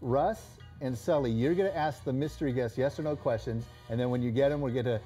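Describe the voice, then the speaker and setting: Mellow, measured middle-aged radio host. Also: male voice, medium pitch, faint music behind. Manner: measured, formal address. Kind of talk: casual radio talk.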